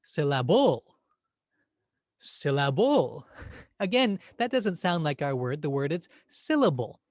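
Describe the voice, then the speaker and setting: Lively, patient male grammar teacher. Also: fairly high pitch, normal speed, no echo, clean studio sound. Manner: gentle, patient, demonstrates words by exaggerating them. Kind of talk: spoken English lesson.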